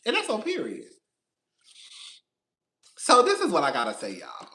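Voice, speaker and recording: With noise in the background, a man whose voice sits high and swoops wildly takes his time as he talks. He's the host of a reality TV commentary channel, doing a casual live stream and speaking right to his viewers with sass, profanity and long-windedness.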